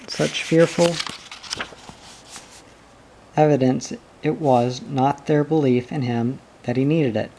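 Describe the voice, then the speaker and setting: A man reading a storybook aloud as narrator, measured and expressive. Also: medium pitch, vocal fry.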